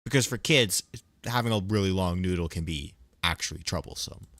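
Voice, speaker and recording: A man's voice: low-pitched, a little fast, a bit bright, dry recording, studio quality. A young man streaming a game, chatting casually in a rambling, joking way and laughing often. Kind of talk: casual chat while gaming.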